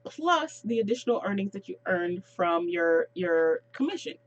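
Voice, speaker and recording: A woman giving a casual sales training talk, explaining step by step with quick asides. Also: lowish voice, very animated, dull audio.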